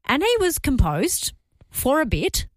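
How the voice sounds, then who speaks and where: A woman's voice: sits high, wildly swooping pitch, unhurried, no echo. A woman co-hosting a breakfast radio show, telling news stories and reading out listener votes. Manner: storytelling, reads listener votes and texts. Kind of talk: casual on-air banter. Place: radio studio. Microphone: studio microphone.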